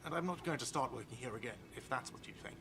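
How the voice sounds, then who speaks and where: An actor playing a defensive, whiny cafeteria manager in a video game. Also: male voice, mid-range voice, lively intonation, fast, noisy background, close to an everyday voice. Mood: snippy. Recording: game audio with music behind.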